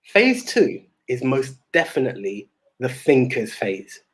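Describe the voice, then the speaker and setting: A young man co-hosting a podcast rambles animatedly through stories in casual chat, restarting often. His voice is mid-range and a little slow.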